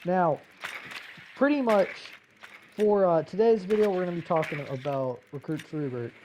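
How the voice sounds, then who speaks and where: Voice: medium pitch, moderate pace, warm tone, a little hiss or hum, low-quality recording. A young adult hosting a gaming video, ranting in a casual, profane, rambling way with lots of fillers and restarts.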